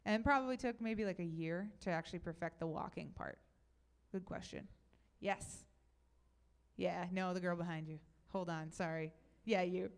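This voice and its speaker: A young woman giving a talk at a youth event, telling stories in a chatty, animated way and taking audience questions. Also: lowish voice, moderate pace, gravelly, smooth. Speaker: speaker.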